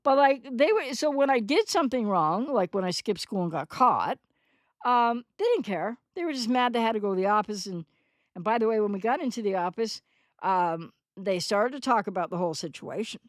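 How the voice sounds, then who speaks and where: A woman's voice: mid-range voice, expressive, fairly quick, dry recording, studio quality. A woman in her sixties hosting a recovery channel, giving a rambling, candid, unscripted monologue in reply to a commenter, often correcting herself as she goes.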